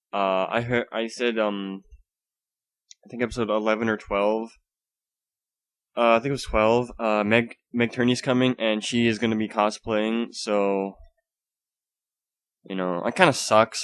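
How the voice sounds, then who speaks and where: A young man hosting a solo podcast from home, rambling casually with lots of swearing, fillers and restarts, keeping his voice down. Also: fairly low pitch. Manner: holds back his volume. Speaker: podcast host. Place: home room.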